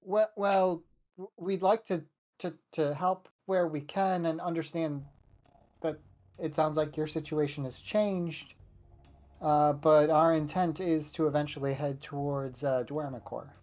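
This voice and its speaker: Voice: medium pitch, steady tone, measured pace, a little mellow. Earnest player, stumbling over words. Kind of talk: in-character table talk.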